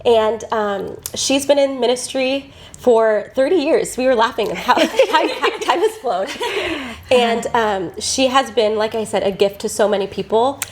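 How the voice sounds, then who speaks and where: A woman's voice: a little high, unhurried. A young adult woman co-hosting a podcast, opening the episode in an enthusiastic way and laughing easily. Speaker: podcast co-host. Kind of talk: podcast introduction.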